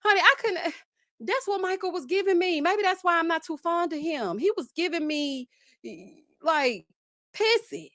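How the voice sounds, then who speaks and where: A woman's voice: very high-pitched, expressive, moderate pace, a bit bright, dry recording, studio quality. A woman, chatting casually and animatedly as host of a reality-TV recap, laughing often and calling listeners child and honey. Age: 30s.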